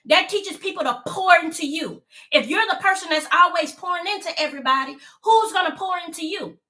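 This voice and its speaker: High-voiced, bright woman in her fifties. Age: 50s. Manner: emphatic, repeats points, greets viewers mid-sentence; slows down to stress key lines. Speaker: vlogger on a live stream. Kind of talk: casual chat to a live audience.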